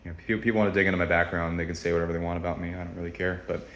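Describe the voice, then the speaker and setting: A man's voice: deep voice, little pitch movement, rapid-fire, a bit bright. A young man telling a story to camera in a rambling, blunt, profane way with many restarts. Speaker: vlogger. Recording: echoey room.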